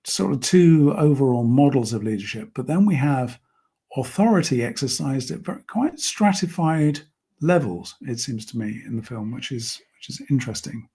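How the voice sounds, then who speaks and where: Guy hosting a livestream, dark kinda husky voice, thoughtful. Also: mid-range voice, lively intonation. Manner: measured, thoughtful, reads out viewer comments. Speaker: host. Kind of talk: live-stream discussion.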